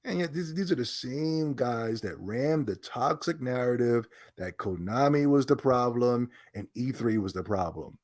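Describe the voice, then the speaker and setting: A man's voice: mid-range voice, expressive, a little slow, hardly any pauses, a little mellow. A man giving a ranting gaming commentary, indignant and sarcastic in a mocking way.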